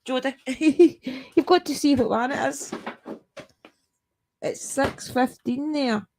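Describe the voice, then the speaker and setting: A woman's voice: high-pitched, slow, darkish tone, a little hiss or hum. A Scottish woman hosting a paranormal live stream from home at night, chatting casually with her viewers, laughing often and greeting them by name.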